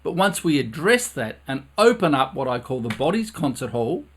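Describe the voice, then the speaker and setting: A man's voice: a little high, big pitch swings, normal speed, noisy background. Earnest man teaching brass live. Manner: earnest, repeats phrases for emphasis. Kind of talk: live-streamed music lesson. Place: his own recording studio.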